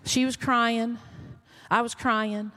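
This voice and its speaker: A woman's voice: on the high side, flat delivery, slow pace, pushed and bright. A middle-aged woman pastor, telling a story in a sermon that builds to emphatic calls.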